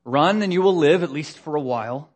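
A man's voice: on the high side, expressive, brisk. A man voicing a defiant medieval warrior leader, giving an impassioned, pleading battle speech to his army. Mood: rousing.

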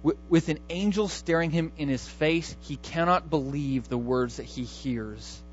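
A man's voice: a little high, a little slow, highs cut off, soft background music. A man preaching a sermon in a conversational, emphatic way, often restarting his words. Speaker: pastor.

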